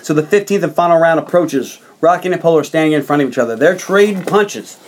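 A man's voice: on the high side, fast. A man hosting a casual podcast chat, animatedly retelling film scenes for his co-hosts. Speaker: podcast host.

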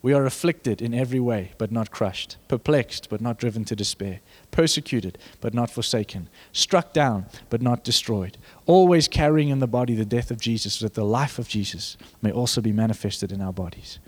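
A young man preaching a sermon, animated and joking with the congregation, building to fervent emphasis. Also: medium pitch, normal speed, hardly any pauses. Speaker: pastor.

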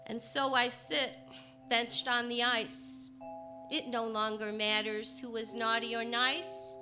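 A woman from Chicago telling a personal story, partly in rhyming verse, moving between hushed and emphatic delivery. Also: fairly high pitch, flat delivery, takes it slowly, music in the background. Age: adult.

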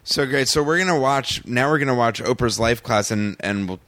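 A man's voice: medium pitch, a little fast, a bit bright, no room sound. A man hosting a podcast in casual chat, tossing in dry wisecracks. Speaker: podcast host.

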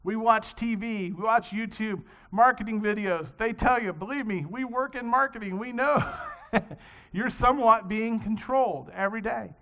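A man's voice: high voice, normal speed. A man preaching a sermon in a conversational, storytelling way, in a dull lo-fi recording. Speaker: pastor. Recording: dull lo-fi sound.

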